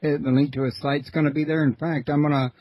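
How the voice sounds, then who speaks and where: A male host of a long-running radio show, talking in a folksy, relaxed way with plenty of fillers. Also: on the high side, quick pace, dry recording, rough recording. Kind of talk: casual interview talk.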